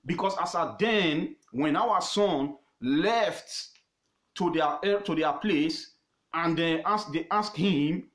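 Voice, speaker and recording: A man with a Nigerian accent teaching history informally on his own page, emphatic and repetitive, pausing often with fillers. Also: a little high, reverberant. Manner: emphatic, repeats words, pauses with fillers.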